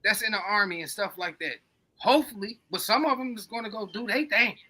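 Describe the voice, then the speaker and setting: A man's voice: high voice, fairly quick, sharp tone. A man co-hosting a podcast, rambling in casual, profane, emphatic chat. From coastal United States. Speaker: podcast co-host.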